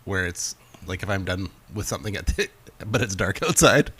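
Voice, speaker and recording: A man's voice: deep voice, lively intonation, normal speed, a bit bright, slightly rough. A man co-hosting a casual podcast, playful and giggly, telling pun riddles. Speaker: podcast co-host. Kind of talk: casual chat.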